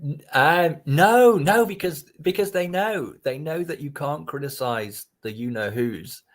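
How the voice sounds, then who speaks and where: A man's voice: a little high, lively intonation, a little slow. Man, podcast guest, rambling casual storytelling, restarts and fillers, blunt swearing.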